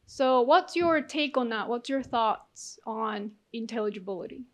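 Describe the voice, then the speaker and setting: Higher-voiced woman judge questioning. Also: expressive, a little slow. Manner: rephrasing, explaining questions. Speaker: contest judge.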